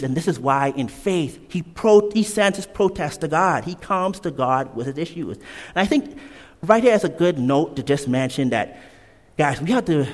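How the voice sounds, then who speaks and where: A man preaches with emphatic energy, repeating his key points and slipping into casual asides. His voice sits a little high and rises and falls a lot. It rings out with the long reverb of a large hall. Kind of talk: sermon.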